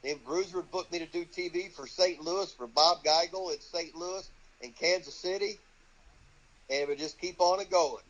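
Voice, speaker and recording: Gruff older man, swearing, lo-fi sound. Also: fairly high pitch, normal speed, a bit bright. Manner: swears constantly, acts out quoted voices. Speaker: guest, wrestling trainer. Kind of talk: profane storytelling in an interview. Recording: dull lo-fi audio.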